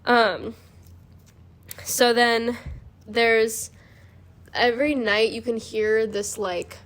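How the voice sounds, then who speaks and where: A woman's voice: fairly high pitch, fairly even intonation, extremely slow, fairly bright tone. A young woman hosting a podcast, explaining in a rambling, casual way full of "like". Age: young adult. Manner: rambling, peppered with 'like'. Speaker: podcast host. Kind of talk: casual chat.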